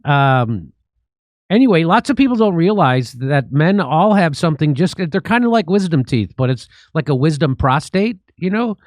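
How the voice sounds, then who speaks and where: Man, comedy host, sarcastic, satirical commentary, animated pitch, dry close sound. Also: normal speed, no echo. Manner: sarcastic, joking, mocking.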